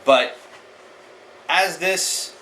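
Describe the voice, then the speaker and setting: Male martial-arts vlogger, bright forceful voice, blunt opinion talk with a faint hiss behind. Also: a little high, extremely slow, low-quality recording. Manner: blunt, opinionated, talks to the viewer directly. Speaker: martial arts channel host. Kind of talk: casual opinion commentary.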